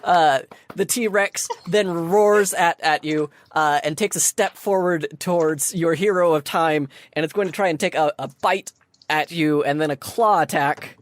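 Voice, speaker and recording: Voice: mid-range voice, a little slow, no echo. Game master describing fights, loose and chatty, dry close sound. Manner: lively scene narration with many fillers. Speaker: dungeon master. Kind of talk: narrating a tabletop game.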